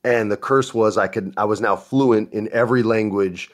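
In a fairly low voice at a normal pace, a man hosting a podcast chats casually and tells stories. He's animated, performing the voices of whoever he's quoting.

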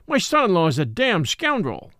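A man doing a gruff older American millionaire. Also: high-pitched, wildly swooping pitch, moderate pace, pushed and bright, no echo, studio quality, pitched above the performer's own voice, heavily acted. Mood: furious. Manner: gruff, blunt, savage.

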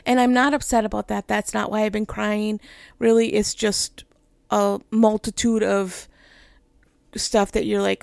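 Gravelly candid woman ministry leader. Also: mid-range voice, level tone, a little slow, darkish tone, no echo. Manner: emotional, laughing often, rambling with "right?" tags. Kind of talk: candid personal talk.

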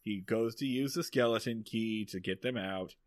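A man's voice: fairly low pitch, no echo, clean studio sound. A young man co-hosting a podcast, joking sarcastically while recapping a TV episode. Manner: joking, sarcastic, quick asides. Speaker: podcast co-host. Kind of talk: casual chat recapping a TV episode.

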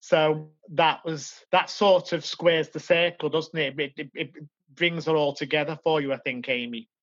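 A man in his forties, a podcast guest, telling his life story in an earnest, reflective way with halting restarts. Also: on the high side, fairly even intonation, fairly bright tone, dull audio.

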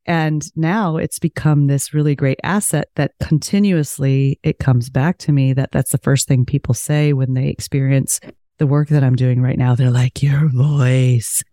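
A woman with a low-toned voice, a podcast guest telling a story in casual conversation. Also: fairly even intonation, moderate pace, dark tone, no room sound, clean studio sound.

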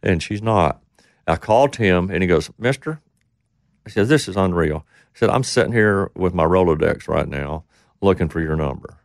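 In clean, echo-free studio sound, a middle-aged interview guest tells a rambling story in casual talk. His voice is low with vocal fry, his pace moderate, and he acts out the voices of the people he quotes.

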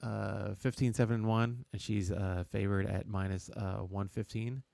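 A man co-hosting a casual sports chat, rambling and halting with lots of "uh"s and chuckles. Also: on the low side, little pitch movement, creaky, a little mellow, dry recording. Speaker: podcast co-host.

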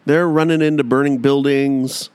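A man's voice: mid-range voice, steady tone, normal speed, a little mellow, clear, resonant tone. Dry-joking man on a podcast. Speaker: podcast co-host. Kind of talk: casual chat.

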